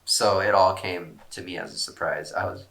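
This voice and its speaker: A man's voice: low voice, fairly even intonation, moderate pace, sharp tone. A man casually reading out fan questions and answering them in a rambling, laid-back way, swearing often and joking at his own expense. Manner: self-mocking jokes.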